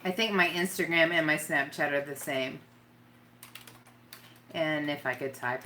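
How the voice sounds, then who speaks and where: A bright-voiced woman rambles through a casual live-stream chat. She giggles often and talks straight to the people in her chat. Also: deep voice, a little slow, a little hiss or hum. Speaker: makeup vlogger.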